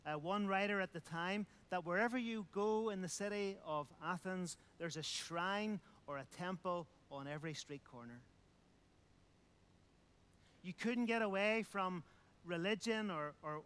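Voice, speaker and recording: A man's voice: high voice, a bit bright, clear, resonant tone. A man preaching a sermon, emphatic, repeating phrases and asking rhetorical questions.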